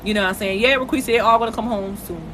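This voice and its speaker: Bright-voiced woman on a phone live stream. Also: mid-range voice, very fast, a little hiss or hum. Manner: emotional, conversational, addresses viewers directly. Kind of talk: casual live-stream monologue. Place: at home, in bed.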